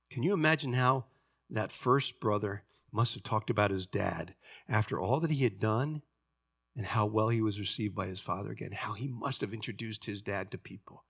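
A man preaching a sermon, telling a story dramatically and swinging from loud passages to hushed ones. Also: lowish voice, gravelly, breathy edge. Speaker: pastor.

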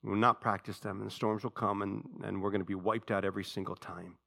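A male pastor preaching a sermon with passion, dropping to a hush and then rising loud. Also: fairly low pitch, little pitch movement, fairly quick, vocal fry. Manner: impassioned preaching, swinging between hushed and loud.

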